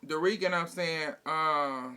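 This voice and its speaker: A man's voice: fairly high pitch, fairly even intonation, slow pace, pushed and bright, clear, resonant tone. A man casually recapping a reality TV episode, retelling scenes in a blunt, profane, gossipy way and quoting the cast as he goes.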